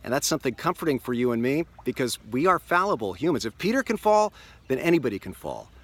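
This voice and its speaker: A man's voice: mid-range voice, very animated, a bit bright. Male pastor, earnest devotional storyteller, recorded outdoors on a lakeshore. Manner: earnest, storytelling, slows for emphasis. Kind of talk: daily video devotional.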